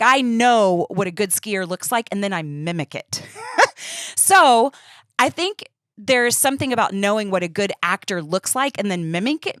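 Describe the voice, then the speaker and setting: Lively, animated woman co-host. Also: mid-range voice, no echo, studio quality. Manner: animated, many "like" fillers, bursts of laughter. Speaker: podcast co-host. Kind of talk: casual faith chat.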